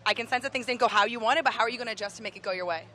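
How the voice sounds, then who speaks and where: A woman's voice: a little high, rapid-fire, pushed and bright. A woman interviewing drivers at a racetrack during a live event, upbeat and enthusiastic. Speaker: trackside interviewer. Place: outdoors at a racetrack.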